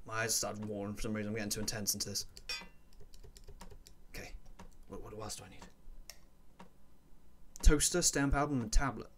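A man commentating his own gameplay, muttering to himself and breaking into excited yelps. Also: fairly low pitch, quick pace, pauses often, slight background noise. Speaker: let's play gamer.

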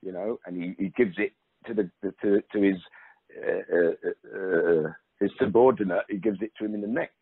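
Husky middle-aged guy chatting in an interview, keeps going "you know", dry tinny phone sound. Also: low-pitched, normal speed, no echo. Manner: emphatic, restarts often, peppers talk with "you know". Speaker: interview guest, actor. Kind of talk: casual conversational interview. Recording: narrow phone-like line.

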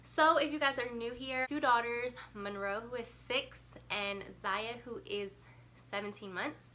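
A woman's voice: fairly high pitch, fairly even intonation, measured pace, sharp tone. A young woman vlogging as a mom, a bit congested from a cold and short of breath, chatting casually with lots of ums and likes. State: congested, getting over a cold. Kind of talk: casual chat to camera.

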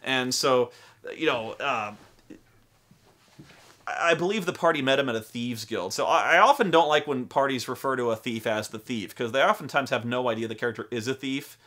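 A man's voice: medium pitch, moderate pace, fairly bright tone. A young adult man hosting a casual talk about tabletop role-playing games, rambling and profane, full of acted-out quotes. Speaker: host.

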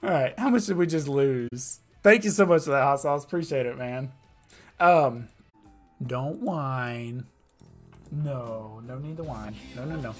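A man's voice: medium pitch, measured pace, soft background music. A man commentating his own live gameplay, muttering and swearing as the fight swings. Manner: excitable, swearing, muttering under breath. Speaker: game streamer.

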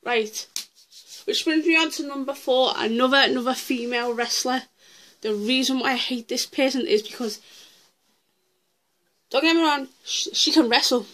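A woman's voice: sits high, normal speed, long pauses, fairly bright tone. A woman ranting through a countdown list in her vlog, blunt and heated, swearing freely. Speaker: vlogger.

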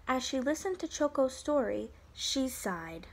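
A woman teacher reading a picture book aloud to children, in an expressive, sing-song way. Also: high-pitched, unhurried.

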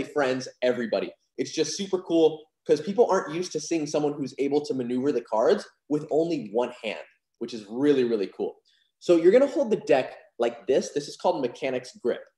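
An upbeat young man walks through card moves in a casual, chatty tutorial. His voice is mellow and relaxed, sitting at a middling pitch. The room around him has a noticeable echo. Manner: upbeat, chatty, lots of "like" and "super cool". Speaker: magic instructor. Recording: roomy echo.

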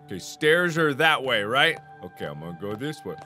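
A man in his thirties hosting a horror game let's play, joking and talking to the game, with sudden loud outbursts. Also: medium pitch, big pitch swings, moderate pace, faint music behind. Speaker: gaming channel host.

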